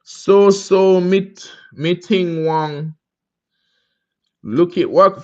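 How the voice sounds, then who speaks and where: On his casual livestream, a Jamaican host with a high-leaning, darkish voice responds to viewer comments and greets people by name. His manner is relaxed and drawn-out, and the audio is dull.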